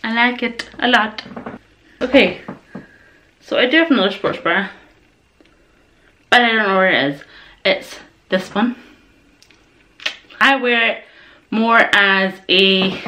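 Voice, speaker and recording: A woman's voice: a little high, sharp tone. A young woman chatting casually through a gym wear haul, rambling and enthusiastic, a little out of breath. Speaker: vlogger.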